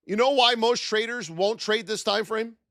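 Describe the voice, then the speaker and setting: A man hosting a live-stream trading lesson, animated and full of rhetorical questions, shouting out his viewers. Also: high-pitched, moderate pace, dry recording, studio quality.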